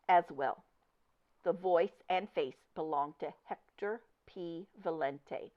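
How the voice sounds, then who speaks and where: A woman reading a children's picture book aloud with expressive, deliberate storytelling. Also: fairly low pitch. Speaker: storybook reader. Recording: dull lo-fi recording.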